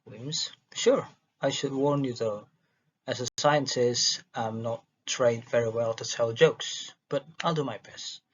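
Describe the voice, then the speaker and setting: A man's voice: mid-range voice, slow pace, slightly rough. A man reading a dialogue transcript aloud for a listening exercise, stumbling and restarting words as he goes. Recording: dull lo-fi recording.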